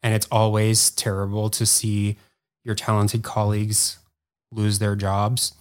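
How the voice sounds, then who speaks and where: Low-pitched male podcast guest, rambling casual storyteller. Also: monotone, clear, resonant tone. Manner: rambling, heavy use of "like", quick bursts. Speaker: podcast guest, former editor.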